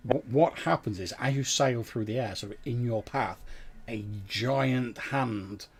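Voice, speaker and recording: A man's voice: medium pitch, measured pace, over a noisy crowd. A man narrating as game master in a tabletop game, describing scenes loosely with many fillers and restarts.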